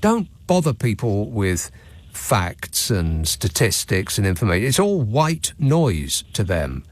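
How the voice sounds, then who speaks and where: A man's voice: on the low side, big pitch swings, slow pace. Wry British man hosting talk radio. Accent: British English. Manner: sardonic, wry storytelling. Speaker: radio phone-in host. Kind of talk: late-night call-in radio chat. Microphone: studio microphone.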